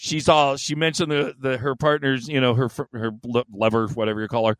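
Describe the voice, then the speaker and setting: A man's voice: medium pitch, little pitch movement, fairly quick, no room sound. A man co-hosting a podcast, telling a story in a rambling, profane, joking way. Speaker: podcast co-host. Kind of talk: casual chat.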